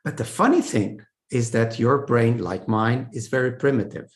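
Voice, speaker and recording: A man's voice: mid-range voice, moderate pace. Man teaching on a video call. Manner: conversational, with frequent "so" and "okay" checks. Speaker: communication trainer. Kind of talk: online training talk. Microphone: video call setup.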